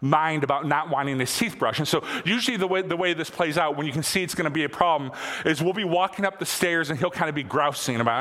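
A man in his thirties preaching a sermon in a church, talking conversationally, repeating phrases for emphasis and climbing to excited peaks. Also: a little high, quick pace. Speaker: pastor. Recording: long hall reverb.

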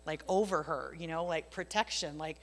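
Her voice low-pitched and her pace moderate, a woman gives a casual testimony of her Christian faith. She's animated, slipping into whispers to stress points, and long reverb trails the recording.

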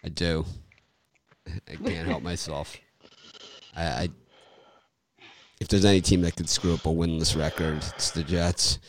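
A man's voice: sits low, steady tone, a little slow, long pauses, a little hiss or hum. A man hosting a casual sports picks chat, joking and laughing often. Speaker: podcast host.

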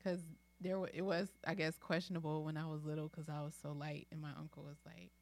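A woman's voice: sits low, fast, gravelly. A young woman in casual podcast chat, telling family stories with frequent laughter. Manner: laughing, expressive, animated storyteller.

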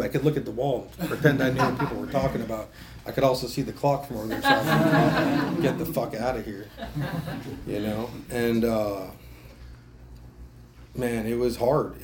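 A man's voice: mid-range voice, noisy background. Swearing man sharing at a recovery meeting. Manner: casual, swears a lot, self-mocking, laughs between lines. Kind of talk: personal recovery story. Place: meeting room.

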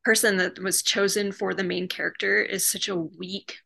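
Blunt woman with a bright, gravelly voice. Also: mid-range voice, little pitch movement, moderate pace. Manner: blunt, opinionated, laughs often. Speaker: podcast co-host. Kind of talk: casual chat reviewing comics.

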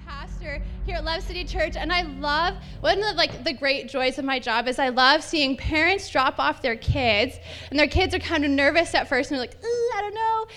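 A woman's voice: sits high, normal speed, sharp tone, soft background music. A young woman pastor preaching a sermon in an upbeat, chatty way with lots of casual fillers. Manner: bubbly, upbeat, chatty with many "like"s.

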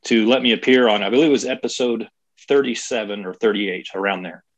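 A man chatting on a podcast, animated and swearing freely. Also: lowish voice, brisk, low-quality recording. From California. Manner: animated, swears freely, mimics voices for effect. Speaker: guest podcaster. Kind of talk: casual podcast chat.

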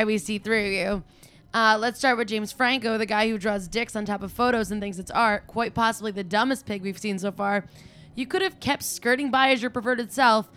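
A woman's voice: mid-range voice, a bit bright, clean tone. A woman delivering a scripted, profane comedic rant as a podcast regular, brash and cutting. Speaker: resident commentator.

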